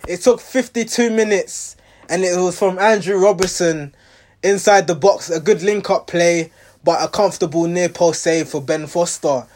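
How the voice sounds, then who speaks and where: A man's voice: sits high, normal speed, darkish tone. A man giving a rambling, exasperated reaction to his team's match, restarting his sentences often. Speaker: football fan reviewing a match.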